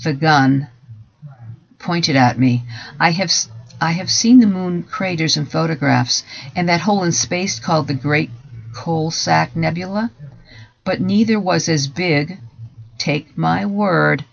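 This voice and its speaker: A man giving a dramatic first-person story reading in a measured, deliberate voice that drops to hushed softer passages. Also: on the high side, vocal fry. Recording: dull lo-fi recording.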